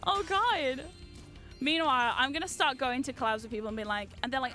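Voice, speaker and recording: A woman streaming a game, chatting excitedly with her viewers, swearing freely and shouting at the game. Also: high-pitched, fast talker, music in the background. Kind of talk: live-stream gameplay chat.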